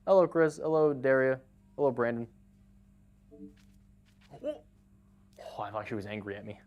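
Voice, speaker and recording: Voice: mid-range voice, animated, a little slow, darkish tone, muffled recording. A live game streamer in casual chat, greeting viewers by name and laughing easily.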